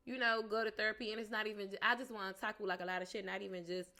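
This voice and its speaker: A woman's voice: medium pitch, steady tone, rapid-fire, over a noisy crowd. A woman co-hosting a podcast, chatting candidly, swearing freely and laughing often. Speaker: podcast co-host. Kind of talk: casual chat.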